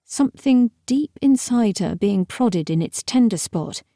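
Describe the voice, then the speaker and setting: A woman reading an audiobook as narrator, telling the story in a steady, measured way. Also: a little high, no echo, clean studio sound. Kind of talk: scripted narration.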